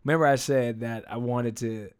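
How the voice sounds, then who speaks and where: A man's voice: medium pitch, fairly even intonation, normal speed, clean tone. Dry, teasing young man chatting. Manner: dry, teasing, mock-defensive. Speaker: podcast co-host. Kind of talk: casual couple chat.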